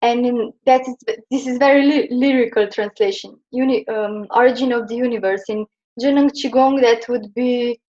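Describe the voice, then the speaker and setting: A woman's voice: on the high side, fairly even intonation, moderate pace, a little mellow. A young woman from Slovenia teaching Chinese pronunciation in a classroom, explaining hesitantly with many fillers. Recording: dull lo-fi classroom recording.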